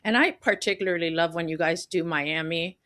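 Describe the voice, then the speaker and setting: A woman's voice: lowish voice, fairly quick, a bit bright. A woman co-hosts a podcast with a playful, talkative manner. She chats casually and keeps the conversation moving. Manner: playful, talkative, laughs easily. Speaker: podcast co-host.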